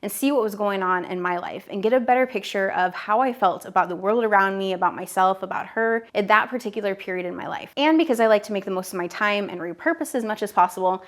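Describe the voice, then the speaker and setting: A woman's voice: medium pitch, fast, few pauses. A woman in her thirties teaching business owners directly to camera, upbeat and direct, talking straight to the viewer. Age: 30s. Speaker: online business educator.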